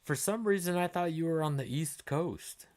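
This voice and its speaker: A middle-aged man hosts a livestream, chatting loosely as he answers viewer comments, swearing freely and laughing easily. His voice sits on the high side, a little mellow, at a normal speed.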